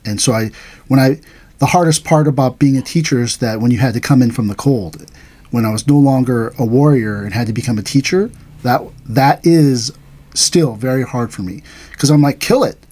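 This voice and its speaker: A man's voice: mid-range voice, moderate pace, a little mellow. A middle-aged man, an aikido teacher, telling stories in casual chat, acting out quoted voices and laughing along.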